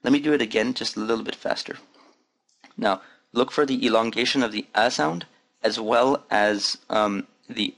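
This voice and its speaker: Patient male teacher, low voice. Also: creaky, fairly bright tone. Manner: patient, demonstrates sounds slowly and repeats them. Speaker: Arabic teacher. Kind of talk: recorded language lesson.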